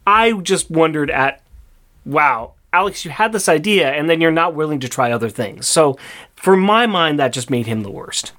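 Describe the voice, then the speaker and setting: High male voice, very expressive, playful host running the segments. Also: moderate pace. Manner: playful, leads segments, laughs often. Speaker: podcast co-host. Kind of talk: casual chat reviewing a comic.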